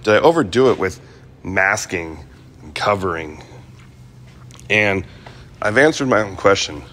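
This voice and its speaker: Man, deep voice, easygoing DIY car vlogger in his garage, chatty and rambling, faint hum behind. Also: expressive, unhurried, a bit bright. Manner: rambling, plain-spoken, lots of fillers and restarts. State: coughing, clearing his throat. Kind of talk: casual talk to camera.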